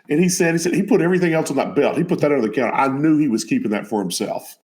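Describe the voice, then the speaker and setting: A man hosting a casual talk show, asking questions with stumbling restarts and telling his own lively story. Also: on the high side, very fast, few pauses. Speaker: show host. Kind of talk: casual chat.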